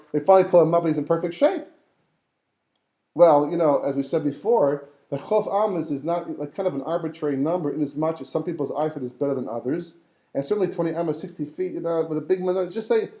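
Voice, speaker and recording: A rabbi leads a lively Torah class, his fairly high voice lifting whenever he acts out a character in the story. The tone is mellow, and the room gives it a clear echo. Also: fast talker.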